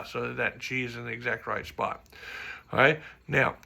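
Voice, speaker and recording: A man's voice: mid-range voice, fairly quick, gravelly, sharp tone, a little hiss or hum. A man teaching trombone audition music, explaining mistakes in his own playing and singing rhythms to show them, with joking asides. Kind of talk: music clinic instruction.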